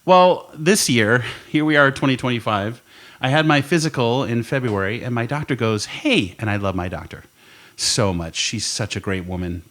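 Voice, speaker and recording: A man's voice: mid-range voice, normal speed, a bit bright. A man co-hosting a podcast in a studio, telling a long story in casual chat, swearing and laughing as he goes. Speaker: podcast co-host. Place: recording studio.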